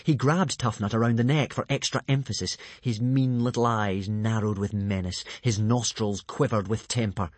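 A man reading a storybook aloud in a lively, expressive manner. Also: fairly low pitch, moderate pace, hardly any pauses, no room sound. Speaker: narrator.

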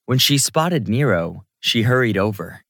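Man, low voice, first-person romance audiobook, steady, intimate, dry recording. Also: a little slow, no echo. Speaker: audiobook narrator.

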